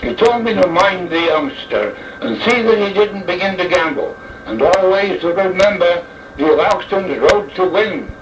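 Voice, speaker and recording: A man recites a dramatic verse tale as an old head jockey, theatrical and deliberate in his phrasing. His voice is slightly high and sounds far from the microphone in a reverberant room. The old recording is dull and muffled, with faint noise underneath. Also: lively intonation. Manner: theatrical, slow and deliberate delivery.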